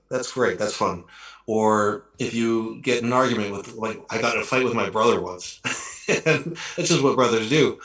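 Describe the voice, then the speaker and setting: A man's voice: lowish voice, moderate pace, fairly bright tone. Reflective man with an echoey sound. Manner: reflective, rambling with restarts. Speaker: actor guest. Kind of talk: casual chat. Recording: echoey room.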